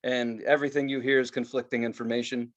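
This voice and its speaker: Over lo-fi audio, a young adult man talks quickly in a mid-range voice as he co-hosts a podcast. He swears a lot while telling stories, performing the quoted lines with animation.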